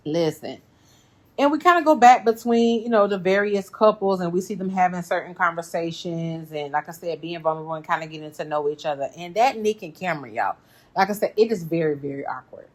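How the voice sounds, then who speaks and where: A woman hosting a casual reaction recap, talking straight to her viewers, animated and laughing often. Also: lowish voice, fairly quick. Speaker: reality TV recap host.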